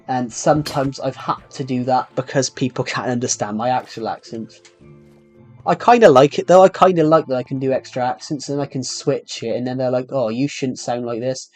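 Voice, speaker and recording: A young man with a sore throat live-streams a video game, his mid-range, darkish voice rambling along in casual chat. He keeps restarting his sentences and filling gaps with fillers as he plays.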